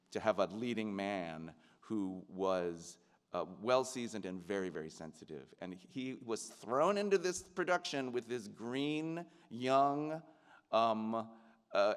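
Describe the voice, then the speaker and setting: A middle-aged man giving an earnest, reflective commencement keynote to graduates, often restarting his sentences and pausing on fillers. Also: mid-range voice. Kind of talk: speech to graduates. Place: large ceremony venue. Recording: long hall reverb.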